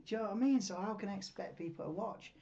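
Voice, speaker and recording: A man hosting a live stream, chatting casually in a rambling, excitable way and swearing freely. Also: high voice, rapid-fire. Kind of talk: casual live watchalong chat. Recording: dull lo-fi mic, tinny.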